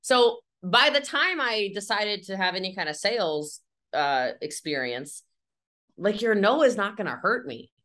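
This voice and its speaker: This is a woman entrepreneur giving a lively, candid interview about sales. Her voice is bright and a bit sharp. She talks with emphatic energy, sprinkling in fillers and quick acted-out scenes. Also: medium pitch. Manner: energetic, chatty, emphatic, acts out little scenes with fillers like "like" and "okay".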